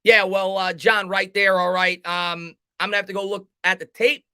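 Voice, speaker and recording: A man's voice: high voice, flat delivery, moderate pace, sharp tone, clean tone, no echo. A man putting on the voice of a male head coach who stalls and repeats himself to dodge questions. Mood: evasive. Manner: stalling, repetitive, evasive.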